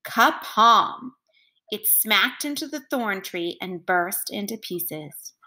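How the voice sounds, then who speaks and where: A woman teacher reading a storybook aloud to children in a clear, expressive voice. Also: medium pitch, slow pace.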